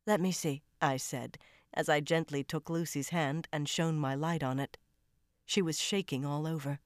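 Low-voiced woman narrating a tense thriller. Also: fairly even intonation, normal speed, no echo, studio quality. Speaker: audiobook narrator. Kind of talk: first-person audiobook narration.

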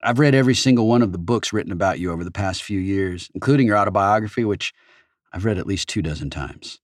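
A man's voice: fairly low pitch, fast talker, no room sound, clean studio sound, close to an everyday voice. A man voicing a nervous, starstruck young woman gamer who talks in a shaky, eager rush.

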